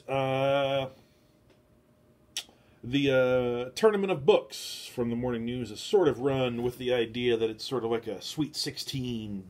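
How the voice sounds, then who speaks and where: A man hosts a casual book club livestream from his home, speaking into his phone. He meanders between topics with self-deprecating asides. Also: medium pitch. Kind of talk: rambling casual livestream talk. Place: home, talking to a phone camera.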